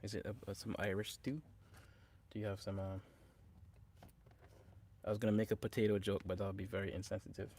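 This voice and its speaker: A man's voice: fairly low pitch, little pitch movement, a little fast, long pauses, darkish tone, breathy edge. A man, a singer-songwriter, chatting casually and jokingly with his livestream viewers, with lots of hesitations and fillers. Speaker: singer-songwriter streaming live. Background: guitar playing.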